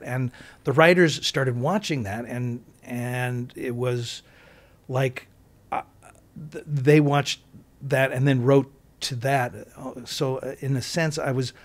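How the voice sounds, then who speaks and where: Man rambling through an interview story. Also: medium pitch. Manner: rambling with frequent restarts and asides. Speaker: actor guest.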